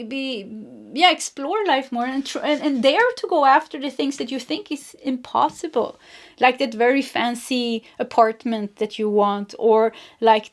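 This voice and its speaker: A woman giving an intuitive tarot reading, talking gently with frequent restarts, laughs and searching for words. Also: fairly high pitch. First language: Swedish. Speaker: tarot reader.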